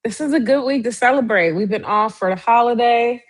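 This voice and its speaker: A young adult woman hosting a casual live stream, chatting directly to her viewers in a lively way. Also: a little fast. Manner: lively, swings up high in pitch.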